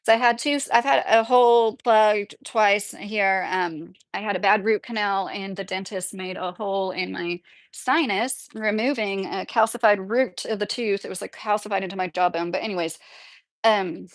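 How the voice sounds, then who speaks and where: A woman's voice: mid-range voice, fairly even intonation, normal speed, no echo. Woman chatting live w her viewers, rambly, says like a lot, dry close sound. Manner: rambling, filler-heavy with frequent "like". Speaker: livestream host reading chat. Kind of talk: casual live chat.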